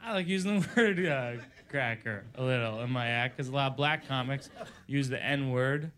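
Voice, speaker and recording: A man's voice: mid-range voice, moderate pace, a bit bright. A man performing a stand-up comedy set, wry and self-mocking, acting out his bits. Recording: noisy live recording.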